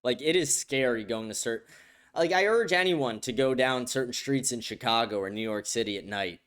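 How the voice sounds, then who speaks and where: A man hosting his own streamed commentary show, speaking casually and directly to his viewers. His talk is blunt and full of swearing. His voice sits at an average pitch for a man. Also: moderate pace, a bit bright, clean tone. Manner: profane, blunt, talks straight to viewers. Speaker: show host.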